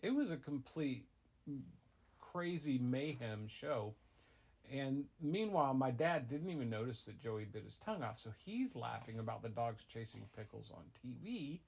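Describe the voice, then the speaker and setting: A middle-aged man, a father improvising a goofy tall tale for his child, rambling with deadpan asides. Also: mid-range voice, normal speed, vocal fry, breathy edge. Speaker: father telling a bedtime-style story.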